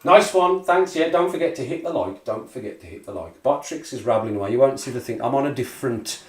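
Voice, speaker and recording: A man's voice: medium pitch, expressive, quick pace. A man with a Black Country accent hosting a casual live stream, chatting and joking as he reads out viewers' messages. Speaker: livestream host. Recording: echoey room.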